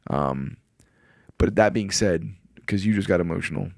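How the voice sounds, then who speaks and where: A man in his forties chats on a podcast in a low, deep voice. He is earnest and rambling, and keeps quoting what he said to himself. The studio sound is close and dry. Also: normal speed, creaky, darkish tone, no echo. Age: 40s. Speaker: podcast guest. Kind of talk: casual conversation.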